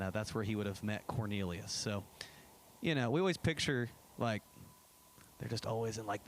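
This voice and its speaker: A man's voice: medium pitch, fairly bright tone, a little hiss or hum. A man giving a casual church presentation about a trip, chatty and enthusiastic, with many fillers and restarts. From United States. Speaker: pastor. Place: church sanctuary.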